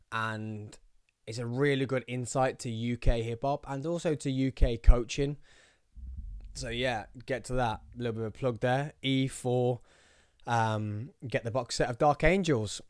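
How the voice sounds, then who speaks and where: A man in his thirties with a Birmingham accent chats through his solo podcast, joking and wandering off on tangents. His voice sits at an ordinary pitch, and the sound is close and dry with no room echo. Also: fairly even intonation, a little slow, smooth. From England. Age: 30s. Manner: rambling, jokey, goes off on tangents. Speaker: podcast host. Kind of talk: casual solo podcast chat. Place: small studio.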